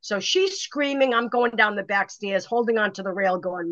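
In a casual interview, a woman who has just written her first book recounts a dramatic story at a moderate pace in a mid-range voice. She's animated and keeps restarting her sentences, and the recording is dry, without echo, slightly dull, and lo-fi.

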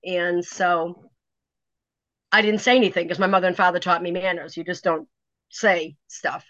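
A middle-aged woman, telling a personal story in an interview, animated and full of "you know" fillers. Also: fairly low pitch, normal speed, no echo. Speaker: author guest. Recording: dry, dull lo-fi sound.

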